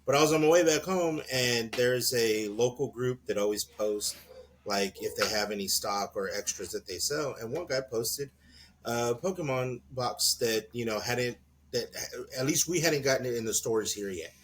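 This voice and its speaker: A man in casual podcast chat, telling stories with lots of laughter and playing out every voice in them. His pitch sits in the middle of the range for a man. Faint noise hums under the recording. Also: normal speed. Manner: animated storyteller, laughs a lot and acts out quotes. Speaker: podcast co-host.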